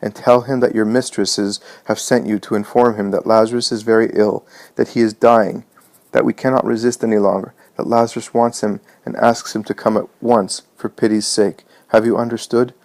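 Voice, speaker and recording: Brief: man voicing a worried mistress of the house, quiet and urgent, low-pitched. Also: level tone, moderate pace, natural voice. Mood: urgent hushed. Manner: hushed, urgent instructions. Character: Martha, anxious determined mistress of house.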